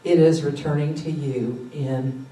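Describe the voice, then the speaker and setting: A woman giving a sermon at a church service, enthusiastic and animated, with excited exclamations. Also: sits low, measured pace. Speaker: guest speaker at a church service. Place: large sanctuary during a service. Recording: echoey hall, picked up from a distance.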